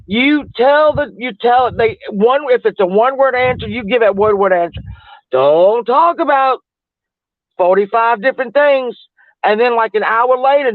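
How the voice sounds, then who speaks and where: A high-pitched man with a drawl rambles casually and greets his viewers. His voice is thin and phone-like, dry with no room sound, in a loose chat-stream style. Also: dry recording. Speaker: livestream host.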